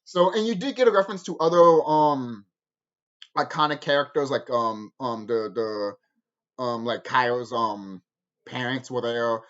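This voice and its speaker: A woman's voice: rumbling low, normal speed, lo-fi sound. A woman ranting in a review vlog, swearing freely, with lots of fillers and restarts. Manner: animated, profane ranting with many fillers and restarts. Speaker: show reviewer.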